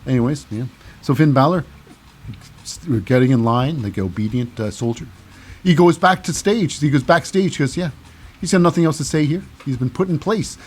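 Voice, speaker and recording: A man's voice: fairly high pitch, normal speed, soft background music. A man hosting a casual wrestling recap, rambling along with frequent fillers and self-corrections. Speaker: recap show host.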